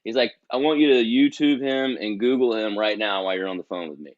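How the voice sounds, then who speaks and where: A man chatting as a guest, telling an animated story and acting out other people's lines. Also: on the low side, fast, lo-fi sound. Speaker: guest musician. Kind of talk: casual chat.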